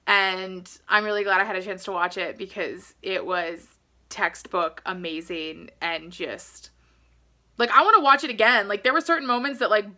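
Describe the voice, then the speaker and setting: A woman reacting to a cheer routine on her vlog, gushing and excitable and saying "like" a lot. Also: mid-range voice. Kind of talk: casual video reaction.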